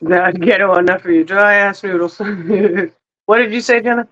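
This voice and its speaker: A man's voice: high voice, fairly even intonation, normal speed, a bit bright, highs cut off. A man in a casual group chat who talks in a teasing, playful way.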